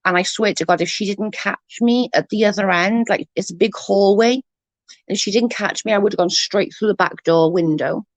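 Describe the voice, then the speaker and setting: A woman's voice: mid-range voice, moderate pace, dry recording. A woman chatting casually on a livestream, rambling and swearing freely while answering comments. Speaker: livestream host.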